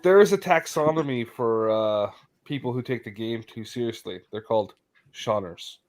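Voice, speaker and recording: A man's voice: medium pitch, moderate pace, a little mellow. A man in a casual group chat who stammers and restarts his sentences.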